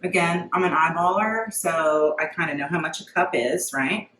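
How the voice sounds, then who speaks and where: A woman's voice: on the low side, normal speed, a bit bright, roomy sound, distant mic, slight background noise, low-quality recording. A middle-aged woman chatting casually as she demonstrates a recipe at home, folksy and talkative. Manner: chatty, folksy, says okay often. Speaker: home cooking vlogger. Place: home kitchen.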